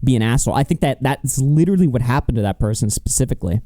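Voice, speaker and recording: A man's voice: mid-range voice, animated, racing, mellow, dry recording, clean studio sound. A man hosting a casual stream, commenting animatedly with frequent swearing and laughter. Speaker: streamer host.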